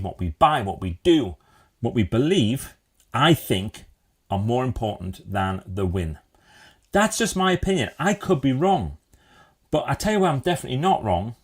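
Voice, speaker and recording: A man's voice: on the low side, breathy edge. A middle-aged man hosting a live-streamed motivational talk, chatty, quizzing viewers and answering their comments. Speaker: live show host.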